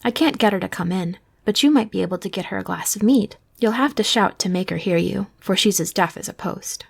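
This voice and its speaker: A woman voicing a crafty young peasant man in a soft, hushed ASMR reading, as whispered role-play. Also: medium pitch, brisk, creaky, husky.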